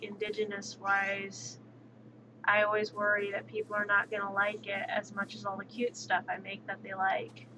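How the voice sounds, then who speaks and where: Sassy chatty woman streamer, lo-fi audio. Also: mid-range voice. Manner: chatty, sassy and outspoken with quick asides. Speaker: livestreamer. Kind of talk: casual livestream chat while gaming. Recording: dull lo-fi stream audio with steady background noise.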